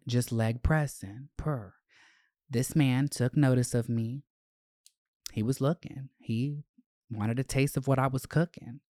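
Sassy, slangy host in their twenties for casual podcast chat; mid pitch, dead-dry room. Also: no room sound. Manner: sassy, slangy, animated storytelling.

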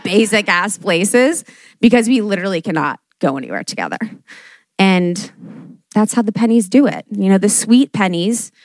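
A woman's voice: mid-range voice, dry recording. A young adult woman doing a stand-up comedy monologue, casual and profane, peppering her talk with "like" and acting out quotes. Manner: casual, fillers of "like", frequent swearing, acts out quotes.

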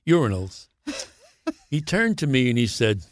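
An older actor telling animated show-business stories as a podcast guest, acting out the voices of others. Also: male voice, medium pitch, a little slow, dry recording, studio quality. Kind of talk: anecdotal storytelling.

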